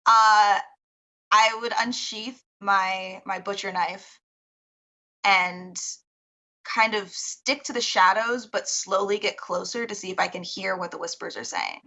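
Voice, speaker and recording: Female player, bright and sharp, chatty, lo-fi. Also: mid-range voice, expressive. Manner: chatty, quick to laugh. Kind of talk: tabletop role-play. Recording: slightly dull lo-fi sound.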